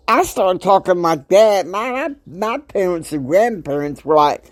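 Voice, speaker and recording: A man in his fifties delivers a motivational podcast monologue with a lively, swooping pitch. He talks emphatically and preachily, dropping into quiet asides, then bursting out loud. The sound is dry and close, with no room in it. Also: measured pace, hardly any pauses, dry recording. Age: 50s. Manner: emphatic, preachy, swings between soft asides and loud outbursts. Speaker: podcast host.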